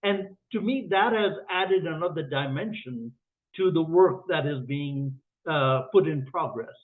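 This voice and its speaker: Man, earnest halting speech, fairly high voice, tinny phone-line sound. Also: lively intonation. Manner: earnest, halting, many fillers. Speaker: guest author, painter. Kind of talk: reflective guest talk.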